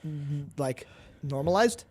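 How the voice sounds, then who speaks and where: A man's voice: fairly high pitch, expressive, slow pace, darkish tone, husky. Rambling man with a raised voice. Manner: rambling, repeats words while searching for terms, swears casually. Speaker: podcast co-host. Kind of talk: casual chat.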